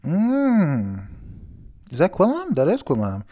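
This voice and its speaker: Male reviewer, casual and rambling, mellow voice, rereads lines aloud when he stumbles. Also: mid-range voice, normal speed. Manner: rambling, many fillers, reads quotes aloud, stumbles and restarts. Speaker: manga chapter reviewer. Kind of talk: casual manga chapter review.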